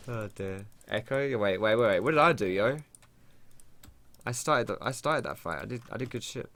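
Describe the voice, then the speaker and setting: A man giving excitable live commentary over his own gameplay, thinking aloud and swearing casually. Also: on the low side, unhurried, long pauses. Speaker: gaming streamer. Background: keyboard typing.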